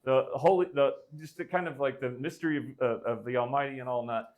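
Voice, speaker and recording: A man's voice: mid-range voice, steady tone, brisk, a little mellow, lo-fi sound. A man improvising a gruesome comic story on a live stream, rambling with many fillers and restarts.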